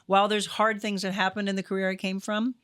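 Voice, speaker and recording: A middle-aged woman from Missouri, a former news anchor turned life coach, telling her story as a guest in an energetic, emphatic way. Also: medium pitch, fast, smooth, no echo, clean studio sound. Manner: energetic, emphatic, animated retelling. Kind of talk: conversational storytelling.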